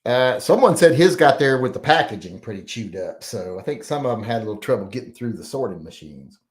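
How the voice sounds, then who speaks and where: A man hosting a casual livestream, his pitch rising and falling in an animated way. He talks in a loose, rambling manner, with lots of "uh"s and throat clearing as he reads out the chat. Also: brisk. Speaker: livestream host reading viewer chat.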